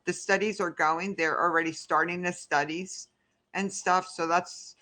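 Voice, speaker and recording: A woman's voice: fairly low pitch, fairly even intonation, unhurried, bright, forceful tone. A woman hosting a casual livestream who answers her chat in a rambling, heated way. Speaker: livestream host.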